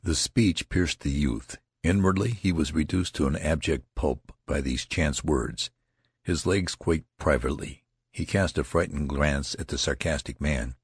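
A man reading a classic novel aloud as an audiobook narrator, in measured, even storytelling. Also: very deep voice, slightly rough, no room sound, studio quality.

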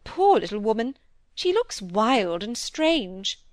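A woman voicing a kindly, genteel lady at a grand dinner, polite and gently curious, in a storybook reading. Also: on the high side, sing-song, slow, no room sound.

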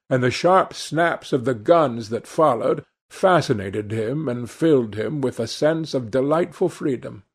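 A man reading a classic novel aloud as narrator, with a measured, deliberate delivery. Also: medium pitch. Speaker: audiobook narrator. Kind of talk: scripted literary narration.

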